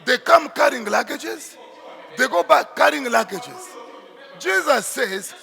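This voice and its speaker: A man's voice: very high voice, expressive, takes it slowly, creaky, sharp tone. A man preaching a sermon as pastor, emphatic and declaiming, in an echoey church. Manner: emphatic preaching, shifts into Swahili asides.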